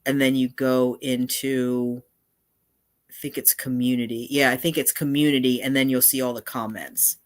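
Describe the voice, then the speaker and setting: This channel host is a woman with a bass voice and little pitch movement, talking at a moderate pace. On her casual live stream she drifts from topic to topic, breaking off and circling back mid-thought.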